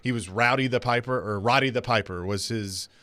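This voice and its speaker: A man co-hosting a radio show tells a story in lively, casual chat, acting out the quotes of the people in it. His voice is mid-pitched and recorded close and dry in the studio. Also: a little fast, no room sound. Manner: animated storyteller, acts out quotes. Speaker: radio co-host and producer.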